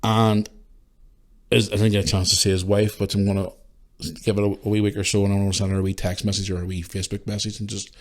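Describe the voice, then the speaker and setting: A middle-aged man with a Northern Irish accent hosting a podcast, speaking emotionally and haltingly in a tribute monologue, swearing and restarting his sentences. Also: on the low side, level tone. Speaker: podcast host.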